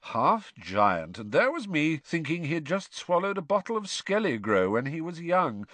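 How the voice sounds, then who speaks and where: Gloating, sneering teen wizard boy, as a male reader puts him on, storybook voice pitched a touch higher, mocking in every word, lively rise and fall, dry close sound. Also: measured pace, dry recording.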